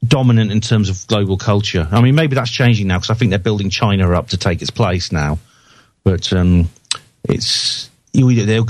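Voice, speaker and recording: A man's voice: fairly low pitch, no room sound. A man, a guest on a radio talk show, speaking conversationally with hesitant restarts. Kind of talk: casual interview chat.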